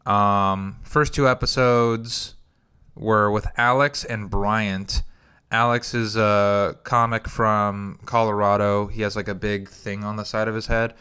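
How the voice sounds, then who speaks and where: A man's voice: fairly low pitch, level tone, slow, sharp tone, smooth. A man hosting a comedy podcast, telling rambling stories in casual chat and acting out quoted voices. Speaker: podcast host.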